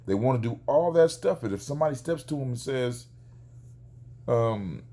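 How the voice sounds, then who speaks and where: A man, a father, telling a neighbor story in a casual vlog, animated and acting out the quoted exchanges. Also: mid-range voice, normal speed.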